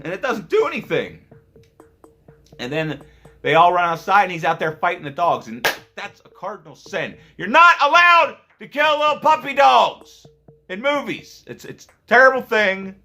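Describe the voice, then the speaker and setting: Brief: male movie vlogger, rambling and jokey, slightly high voice with a lot of swing. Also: big pitch swings, sharp tone, soft background music. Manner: rambling, joking, profane, quick asides. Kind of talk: casual rambling movie review.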